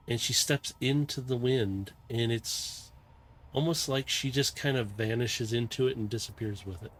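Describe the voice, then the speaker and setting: A man running a tabletop game as game master, narrating a dream scene in a calm, meandering, descriptive way. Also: mid-range voice, normal speed.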